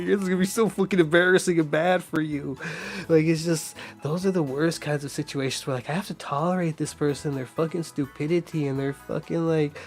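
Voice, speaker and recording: A man streaming a game, ranting casually with heavy swearing and frequent laughter. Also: on the high side. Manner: profane, rambling, laughs often.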